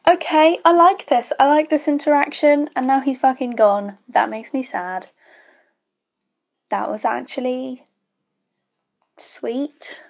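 Sweary woman with a gravelly voice. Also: high-pitched, a little slow. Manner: blunt, sweary, chatty asides. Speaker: YouTube reaction host. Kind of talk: casual reaction commentary.

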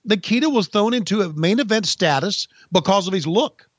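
A man, co-hosting a podcast and telling stories in a folksy, halting way. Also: sits high, expressive, no room sound, muffled recording. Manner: folksy storyteller, halting restarts. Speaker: podcast co-host, former wrestling insider. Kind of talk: casual chat, storytelling.

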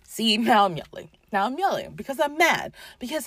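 A woman's voice: fairly high pitch, sing-song, normal speed, fairly bright tone. A woman hosting a podcast, ranting casually with profanity and sarcasm, often mock-quoting other people. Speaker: podcast host.

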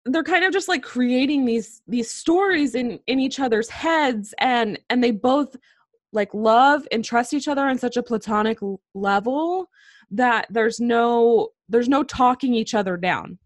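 Slow, hesitant woman telling a story. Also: on the high side, no echo. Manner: hesitant, many ums and restarts. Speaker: podcast co-host telling a true-crime story. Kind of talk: casual storytelling chat.

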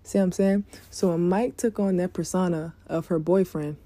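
Woman, casual vlog storytelling, candid and chatty, curses freely, very dark mellow voice, dry close sound. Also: on the low side, steady tone, normal speed, dry recording. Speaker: vlogger giving dating advice.

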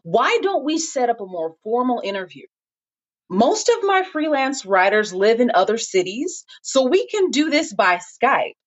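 Audiobook role: woman playing a brisk, assured editor, high and lively, dull lo-fi recording. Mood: businesslike. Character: middle-aged woman magazine editor, businesslike and brisk.

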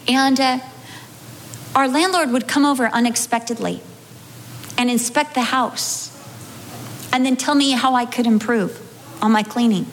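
A middle-aged woman, a pastor's wife, tells a funny personal story from the pulpit in a high, bright-pitched voice. She is animated and theatrical, acting out her own past moments as she goes. Her voice carries a long hall reverb over a faint hum of background noise. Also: a little slow, long pauses. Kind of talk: humorous personal testimony in a sermon.

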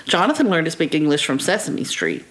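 A woman from Alabama, co-hosting a podcast in animated, teasing casual chat. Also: sits low, fairly quick. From Alabama, USA. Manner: animated, teasing, laughs often. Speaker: podcast co-host.

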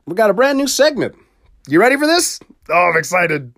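A man's voice: sits high, sing-song, a little fast, very noisy. A middle-aged man hosting his solo podcast, talking casually with sarcasm, frequent swearing and laughs at his own jokes. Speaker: podcast host. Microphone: studio mic.

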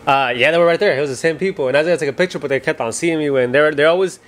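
A man's voice: on the high side, racing. A young man co-hosting a podcast, telling stories in casual profane chat and mixing in Spanish slang. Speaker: podcast co-host.

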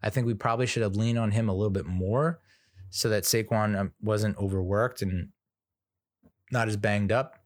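A man with a fairly low voice talks through his team's roster in a loose, rambling monologue. He restarts sentences and says what he thinks without much polish. The sound is dry and close. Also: fairly even intonation, moderate pace, no echo. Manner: rambling, opinionated, many fillers and restarts. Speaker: sports fan commentator. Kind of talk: casual commentary monologue.

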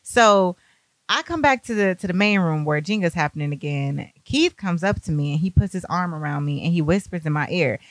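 A young woman telling a party story, animated and profane, acting out what people said. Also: fairly low pitch, a little fast, dry recording. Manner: animated, profane, acts out quotes. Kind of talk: casual storytime.

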